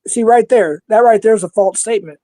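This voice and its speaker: Man, 50s, Minnesota accent, livestream host, blunt, swears a lot, high-pitched. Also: fast, warm tone, no echo. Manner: blunt and heated, swears freely. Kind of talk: casual livestream chat.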